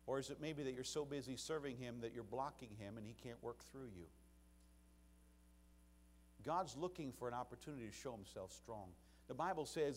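A man preaching an emphatic, animated sermon to a church congregation. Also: mid-range voice, a little fast, a little hiss or hum. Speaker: pastor.

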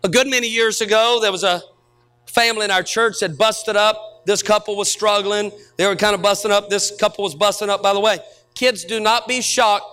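A middle-aged pastor preaches in an unusually high, bright, and sharp voice, speaking a little fast with a steady, clean tone. He tells stories before building up to shouted peaks.

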